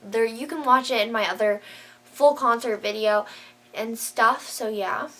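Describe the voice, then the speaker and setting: A woman's voice: a little high, measured pace, noisy background. A woman vlogger chatting casually to camera, gushing and filling her talk with "like". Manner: gushing, says "like" a lot.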